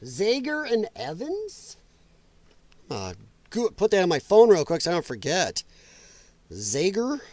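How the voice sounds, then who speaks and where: A man talks off the cuff on his livestream, swearing freely, laughing a lot and reacting to his chat. His voice sits high and swings widely in pitch. The sound is close and dry. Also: huge pitch swings, unhurried, pauses often, a little mellow, no echo. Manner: loose, profane, laughing, reading chat comments. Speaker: livestream host. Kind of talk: casual political livestream chat.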